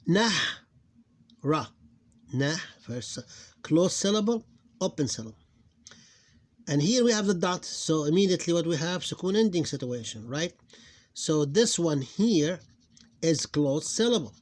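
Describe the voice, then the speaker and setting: A man's voice: a little high, darkish tone. Self-correcting male phonics teacher. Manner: halting, repeats and corrects himself. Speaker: Arabic teacher. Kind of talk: recorded phonics lesson.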